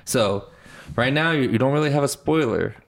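A man's voice: mid-range voice, animated, normal speed, creaky. A man hosting a casual, bantering podcast chat about a novel. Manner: playful, bantering. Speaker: podcast host. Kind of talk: casual book-review chat.

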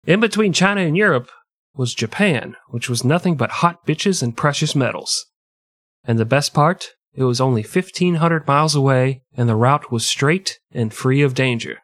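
A man's voice: medium pitch, normal speed, fairly bright tone, dry recording. A man co-hosting a podcast, telling history as crude, joking comedy and putting on mock voices. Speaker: podcast co-host.

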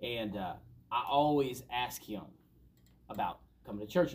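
A man's voice: medium pitch, expressive, fairly quick, darkish tone. A man preaching a sermon as a pastor, talking conversationally and telling stories, building to emphatic peaks.

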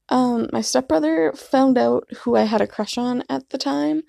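A woman in her twenties casually tells rambling, self-deprecating stories to camera, full of fillers, vlog-style. Her voice is fairly high, creaky and mellow, captured in a dry recording with clean studio sound.

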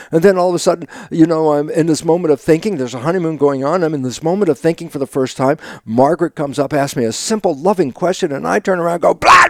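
An older man, an interview guest, telling stories with lively acted-out dialogue, sudden loud bursts and frequent laughs. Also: fairly high pitch, no echo, studio quality. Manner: laughs often while talking. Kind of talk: animated conversational storytelling.

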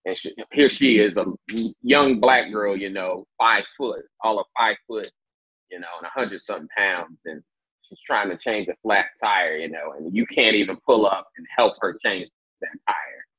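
Husky deep-voiced man telling a story. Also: moderate pace, no room sound. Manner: animated storyteller, acts out quotes, swears freely. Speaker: interview guest. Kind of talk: casual storytelling interview. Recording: dull lo-fi sound.

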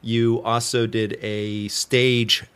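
A man's voice: mid-range voice, flat delivery, takes it slowly, a bit bright, clean tone. A man hosting a podcast, interviewing his guest with eager, effusive praise. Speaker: podcast host.

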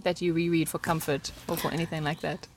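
A woman's voice: sits low, flat delivery, fast, slight background noise. A woman co-hosting a podcast in casual chat, rambling and laughing often. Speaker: podcast co-host.

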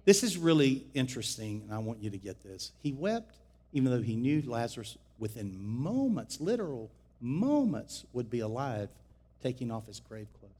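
A man preaching a sermon as pastor, shifting between shouted exhortation and quiet, close teaching. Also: mid-range voice, big pitch swings, normal speed, husky.

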